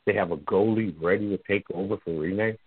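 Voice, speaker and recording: Husky Southern US man, tinny line. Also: sits low, a little fast, no echo. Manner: animated, teasing, repeats words. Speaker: sports talk host. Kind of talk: casual sports talk.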